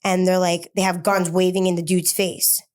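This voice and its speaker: This interviewee's voice is lowish and darkish, with little pitch movement. Telling her own story, she stops and restarts, leans on fillers, and hurries through sudden bursts of words.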